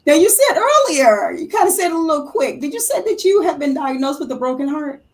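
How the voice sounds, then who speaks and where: A woman's voice: high-pitched, sing-song, fairly quick. A woman hosting a radio talk show, interviewing her guest in a casual way with many effusive exclamations.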